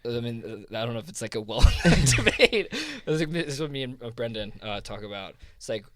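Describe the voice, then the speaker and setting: This man talks fast at a medium pitch, his tone clean in a clean studio recording with no echo. He's a crypto fund co-founder from South Jersey, guesting on a podcast interview, and his casual explanations wander, packed with "like" and frequent restarts.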